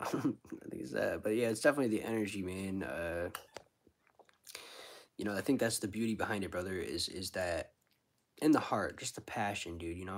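Laid-back slangy man chatting on a livestream. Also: low-pitched. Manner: laid-back, rambling, full of slang like dude and bro. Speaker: street musician. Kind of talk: casual livestream chat with viewers.

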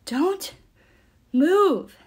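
A woman's voice: high voice, very animated, moderate pace, pitched above the performer's own voice. A woman reading aloud and voicing a frantic, out-of-breath male satyr-like spirit. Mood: panting.

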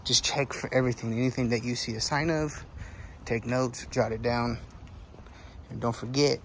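A man's voice: mid-range voice, fairly even intonation, moderate pace, a bit bright, rough recording. A young male roofer walking rooftops outdoors and casually explaining what he sees, at times out of breath. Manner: loose, explaining as he walks the roof. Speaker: roofing salesman and foreman. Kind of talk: casual walkthrough vlog. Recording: outdoor noise behind the voice.

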